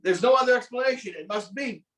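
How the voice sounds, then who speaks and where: A man's voice: very high voice, fast talker, pushed and bright, voice pushed up. A man voicing an anxious, disbelieving old-world rabbi. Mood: dismayed. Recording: roomy sound from a distance.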